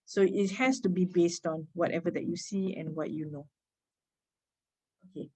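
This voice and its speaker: A woman with a Malaysian English accent giving an informal reading-skills lecture, chatty, asking her listeners quick tag questions and laughing lightly between points. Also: lowish voice, steady tone, mellow, breathy edge, low-quality recording. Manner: chatty, code-switching, asks rhetorical tag questions. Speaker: reading workshop speaker.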